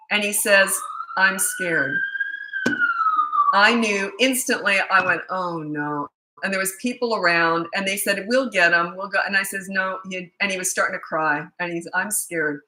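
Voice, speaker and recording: A middle-aged woman coaching parents in a relaxed Q&A, blunt and matter-of-fact. Her voice is sharp and forceful, and it sits slightly low. She slips into anecdotes and laughs easily as she talks. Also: poor audio. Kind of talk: casual Q&A answering viewer questions. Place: Australia.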